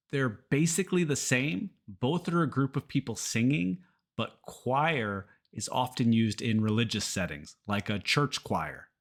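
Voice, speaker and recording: A man from runs an English pronunciation lesson at an unhurried pace. His voice sits at an ordinary middle pitch, and he models each word carefully, repeating it so learners can copy him. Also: a bit bright. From Kentucky, United States.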